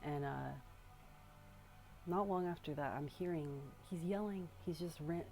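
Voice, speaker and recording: A young woman recounting a personal story in a loose, halting way, swearing and circling back as she talks. Her voice sits low in pitch, with a dark, mellow tone. The delivery is casual and unscripted. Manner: rambling, halting, with frequent swearing.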